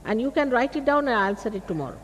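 A woman's voice: fairly high pitch, lively intonation, fast talker. Emphatic Indian woman in an echoey hall. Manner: emphatic, admonishing, uses rhetorical questions. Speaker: spiritual teacher. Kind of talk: public spiritual talk. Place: large public hall. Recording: echoey hall, faint hiss, old archive tape.

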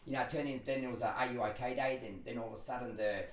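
A man, a podcast guest telling stories in animated, laughing casual chat. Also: medium pitch. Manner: animated storytelling, quick and laughing. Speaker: podcast guest, personal trainer and speaker. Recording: roomy, a bit distant from the mic.

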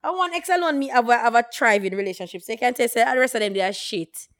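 A woman with a fairly high voice and a quick pace co-hosts a podcast. She chats casually and tells stories with animation, using patois and performing the quoted voices.

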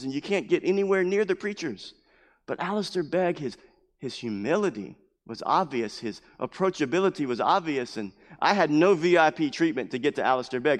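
Passionate pastor preaching in a reverberant church. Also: male voice, a little high, lively intonation, a little fast. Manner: impassioned, repetitive preaching with sudden loud emphases. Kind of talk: sermon. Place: church building.

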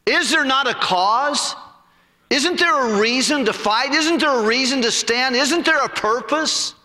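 Man doing an eager young shepherd, indignant questions, high lively voice, hall echo. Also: a little slow, heavily acted.

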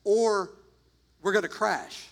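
A man's voice: high-pitched, slow, creaky, heavily acted. A man voicing an irritated navy admiral who barks orders while telling a story in a sermon. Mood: indignant. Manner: barking orders, indignant.

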